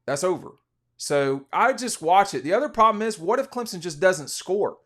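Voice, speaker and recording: A man's voice: high voice, expressive, normal speed, fairly bright tone. A man hosting a casual college football podcast, giving rambling, opinionated betting commentary with frequent restarts. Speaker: sports podcast host.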